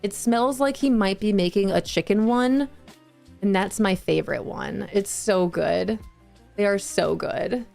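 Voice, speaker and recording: Her mid-range voice is a little mellow, carries vocal fry, and moves at an unhurried pace. She's a woman streaming a cozy game, laughing frequently and chatting with her audience in a bubbly, giggly, casual way over faint game music.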